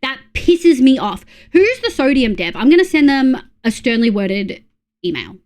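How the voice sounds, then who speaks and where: This young woman with an Australian accent has a high-pitched, slightly mellow voice with big pitch swings and a moderate pace. While playing a game on stream, she chats casually to viewers, mutters to herself, and swears when annoyed.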